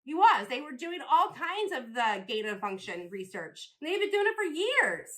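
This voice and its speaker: A woman's voice: sits high, sing-song, normal speed. A woman comedian and podcast host delivering a rambling, profane, provocative stand-up rant.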